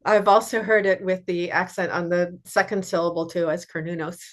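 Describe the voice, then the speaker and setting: Woman, fairly low pitch, podcast co-host, easygoing chat and reading. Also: steady tone, normal speed. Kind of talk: casual chat and reading aloud.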